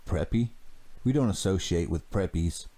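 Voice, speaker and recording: A man's voice: deep voice, animated, moderate pace, mellow. A man doing a sarcastic teenage girl. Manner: mock-snooty, sarcastic.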